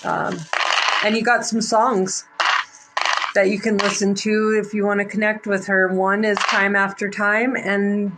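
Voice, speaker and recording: A woman giving a live psychic tarot reading, halting and emotional, close to tears, with many fillers. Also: mid-range voice, level tone, very noisy. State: near tears. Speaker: psychic reader.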